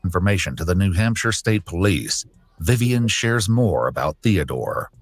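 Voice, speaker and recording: A man with a deep voice narrates a crime documentary. His scripted delivery stays measured and even. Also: slightly rough.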